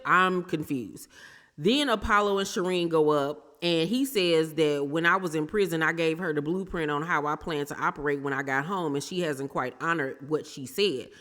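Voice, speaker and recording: A woman's voice: low voice, animated, normal speed, fairly bright tone. Sassy woman vlogger in an echoey room. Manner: sassy, blunt, throws shade. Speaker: reality TV recap vlogger. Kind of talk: casual opinionated commentary.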